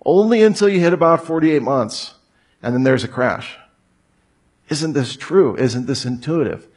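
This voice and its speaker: A man's voice: a little high, lively intonation, measured pace, darkish tone, breathy edge. A man giving a humorous lecture to an audience, full of rhetorical questions and joking asides. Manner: rhetorical questions, jokey asides, mock voices. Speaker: speaker giving a talk.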